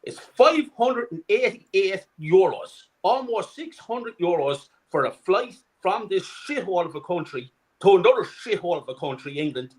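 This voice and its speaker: A man's voice: high voice, big pitch swings, moderate pace, low-quality recording. A middle-aged man, co-hosting a fan channel and delivering an angry, profane rant. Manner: furious, profane, shouting rant. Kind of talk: angry ranting fan commentary.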